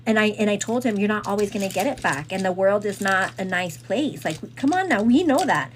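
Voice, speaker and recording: A woman host retelling a story in casual chat, rambling and animated, with lots of fillers. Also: medium pitch, brisk, few pauses, slight background noise.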